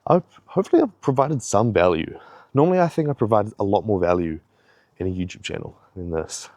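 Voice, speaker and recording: Blunt, swearing guy, low voice. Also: lively intonation, a little fast, darkish tone, no echo, clean studio sound. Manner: rambling, heavily profane, blunt. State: slightly out of breath. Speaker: fitness vlogger. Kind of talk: casual pep-talk vlog.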